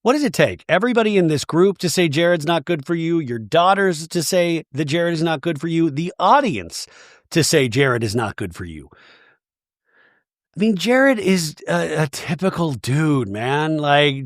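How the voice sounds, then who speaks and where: Male podcast host for an animated TV recap, higher voice and bouncy delivery, dry close sound. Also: measured pace, no echo. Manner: animated, acts out quoted lines. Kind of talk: casual recap commentary.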